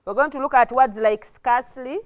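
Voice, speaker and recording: Teacher lady, kinda high voice, slow and repetitive, lots of okay?. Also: narrow, tinny audio. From Uganda. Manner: slow, repetitive explaining, with frequent restarts and "okay?" checks. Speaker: English teacher. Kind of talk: televised classroom lesson.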